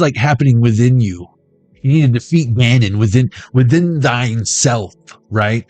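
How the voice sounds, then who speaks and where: A man's voice: mid-range voice, normal speed, a little mellow, no echo, faint music behind. Joking man doing a tarot reading. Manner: playful, riffing, jumps between jokes and impressions. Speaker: tarot card reader. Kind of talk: rambling comic pick-a-card reading.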